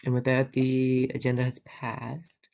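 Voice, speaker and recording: A chair runs a student senate meeting over a video call, keeping things loose and chatty as they move through the agenda. The voice sits mid-range and carries a noticeable gravelly fry. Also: medium pitch, completely flat delivery, measured pace, darkish tone. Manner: casual, chatty presiding.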